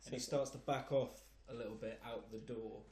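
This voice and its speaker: A man helping narrate a tabletop game, chatty and playful as he adds detail. His voice sits at an ordinary middle pitch. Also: fairly even intonation, a little fast, darkish tone, echoey room. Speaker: co-game master.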